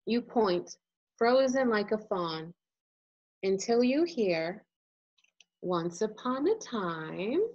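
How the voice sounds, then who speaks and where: A woman illustrator reading a children's picture book aloud, as a gentle and expressive storyteller. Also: mid-range voice, slow, long pauses, muffled recording.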